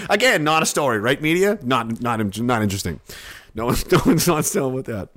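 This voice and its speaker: A man's voice: mid-range voice, lively intonation, brisk, fairly bright tone. A man hosting a livestream, ranting sarcastically with lots of swearing and mocking jokes. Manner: sarcastic, swears freely, riffs into silly voices. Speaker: livestream host. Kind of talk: profane comedic rant.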